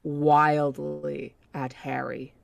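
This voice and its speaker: A woman's voice: low-pitched, little pitch movement, very slow, gravelly. A woman hosting a book club podcast, reading a novel aloud steadily and correcting her own slips. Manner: reads steadily, with slips she corrects herself.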